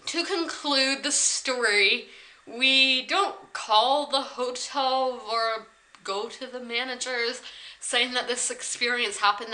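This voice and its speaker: Chatty young woman with a bright voice. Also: on the high side, low-quality recording. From South Carolina, USA. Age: 20s. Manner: chatty, rambling, many "like" fillers. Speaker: vlogger. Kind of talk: casual storytime vlog. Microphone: camera on tripod.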